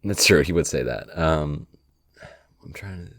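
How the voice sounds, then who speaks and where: Low-voiced man trying out accents. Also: animated, fairly bright tone, a little hiss or hum. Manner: halting, many fillers and restarts. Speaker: podcast host. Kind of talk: casual chat, trying out accent impressions.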